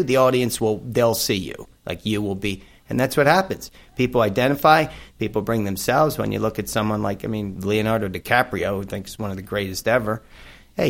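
A man's voice: mid-range voice, a little fast. A middle-aged man hosting a radio talk show, upbeat and chatty, often starting lines with "hey". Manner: upbeat, says "hey" a lot, storytelling.

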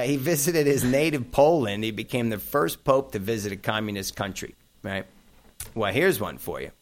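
A middle-aged man hosting a casual chat, rambling through memories with plenty of fillers and asides. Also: fairly low pitch. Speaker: host.

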